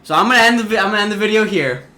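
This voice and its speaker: A teenage boy vlogger telling a casual story-time tale in an animated way, often restarting his sentences. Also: high-pitched, very fast, noisy background. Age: teens. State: sweating in the heat.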